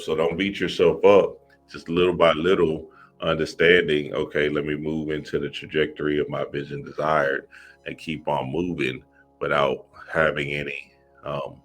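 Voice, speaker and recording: A man's voice: rumbling low, fairly bright tone. A man giving a loose, profane, street-casual motivational talk on spiritual self-help, with frequent restarts.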